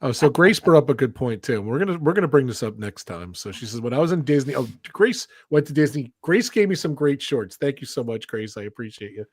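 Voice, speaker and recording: A man's voice: medium pitch, expressive, brisk, few pauses, breathy edge, no echo. Chatty laughing man on a dry mic. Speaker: podcast co-host. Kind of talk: casual livestream chat.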